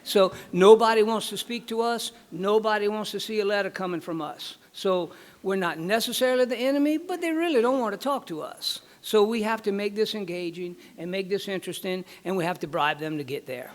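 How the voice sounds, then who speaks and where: A man's voice: high-pitched, brisk, hardly any pauses. Folksy man presenting at a conference. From Louisiana. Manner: folksy, joke-telling, repeats words. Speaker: regulatory board presenter.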